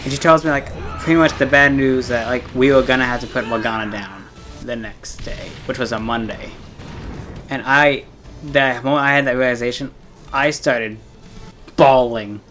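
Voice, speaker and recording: A man's voice: medium pitch, fairly even intonation, moderate pace, fairly bright tone, soft background music. Rambling young man telling a story. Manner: rambling, heavy on fillers and swearing. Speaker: gaming streamer. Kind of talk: casual storytelling while playing a game.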